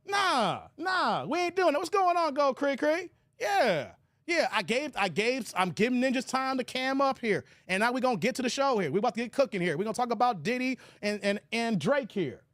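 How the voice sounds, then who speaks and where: Animated male streamer. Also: extremely high pitch, moderate pace, no room sound, clean studio sound. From United States. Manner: animated, laughing, addresses chat by name. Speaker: live stream host. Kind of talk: casual live stream commentary.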